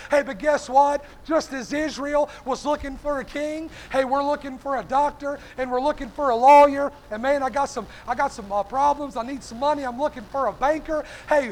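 Male preacher, very high voice, fervent evening sermon, punctuates lines with "hey", calls out congregation members by name. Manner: fervent, peppers phrases with "hey"; addresses listeners by name.

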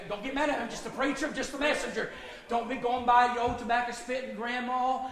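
A man, a pastor preaching an emphatic sermon with folksy asides and bursts of shouting. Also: very high-pitched. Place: church sanctuary. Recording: echoey hall.

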